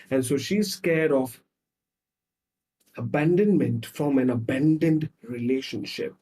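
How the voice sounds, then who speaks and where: A man, a psychologist guest on a podcast, tells stories dramatically and acts out the scenes, swinging between loud and soft. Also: mid-range voice, slow. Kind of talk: podcast conversation.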